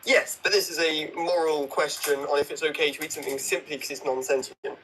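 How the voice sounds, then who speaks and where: Caller, man, reads fast, debates hypotheticals, slight background noise on the line. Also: fairly high pitch, fairly even intonation, fairly bright tone, low-quality recording. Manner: quick reader, argumentative questioner. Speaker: caller on a livestream. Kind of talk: casual call-in debate.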